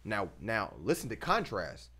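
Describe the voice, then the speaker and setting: A man's voice: lowish voice, unhurried, husky. A man hosting a reaction video, talking casually in slang and pressing his points with emphasis. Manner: animated, emphatic, slangy, laughs between points.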